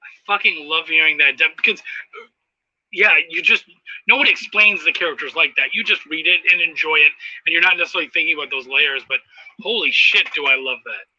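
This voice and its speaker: Enthusiastic male host, high and very bright, profane, dull dry lo-fi sound. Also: fairly quick, dry recording. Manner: enthusiastic, profane, reads viewer comments. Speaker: podcast host. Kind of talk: casual interview chat.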